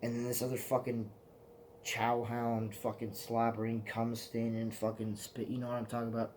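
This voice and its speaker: A man's voice: mid-range voice, monotone, moderate pace, a little mellow, slight background noise. A man telling rambling, profane stories to the camera in a casual vlog, often laughing at himself. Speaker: vlogger.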